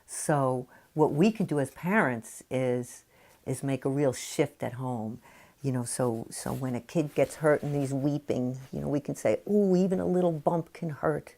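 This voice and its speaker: Here the same kind of low, easygoing voice comes across a little mellow as a woman who writes on parenting explains her ideas straight to camera. "You know" crops up constantly, and now and then she plays out short quotes of parents speaking to their children.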